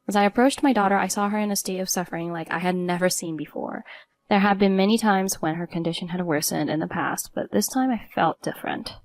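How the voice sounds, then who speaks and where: A woman's voice: mid-range voice, a little fast, dry recording. Earnest woman narrating a first-person story.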